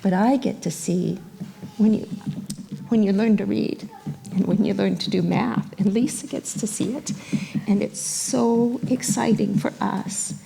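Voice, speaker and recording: A woman teacher giving awards to young students at a graduation, speaking gently and brightening as she acts out little quotes. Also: mid-range voice, a little slow, creaky, a little hiss or hum. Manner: gentle, warm-hearted and animated, acting out little quotes. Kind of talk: speech at a school graduation.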